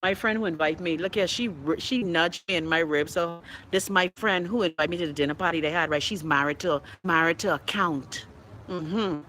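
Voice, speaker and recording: A Bahamian woman hosting her own livestream show, telling stories and reading viewer comments in a loud, animated way. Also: on the low side, normal speed, a little hiss or hum, low-quality recording. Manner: animated, loud storytelling with bursts of laughter.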